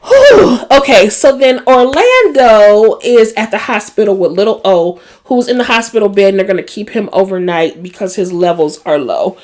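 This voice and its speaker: A woman with a Black lilt recaps TV episodes in a chatty, casual way, her pitch sitting in the middle range. She throws in emotional asides and talks straight to her viewers. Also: animated, moderate pace, hardly any pauses, darkish tone. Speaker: recap host.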